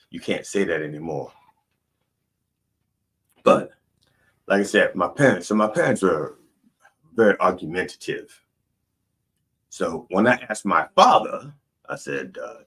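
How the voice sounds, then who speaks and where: Deep husky male host, rambling irreverent storyteller, comedic monologue. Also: a bit bright. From Baltimore. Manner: rambling, self-interrupting, irreverent.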